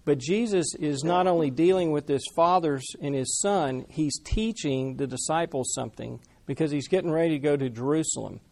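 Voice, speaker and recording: A man preaching a sermon in a conversational, animated way, talking with the congregation. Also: a little high, moderate pace, gravelly, hardly any pauses. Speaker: pastor.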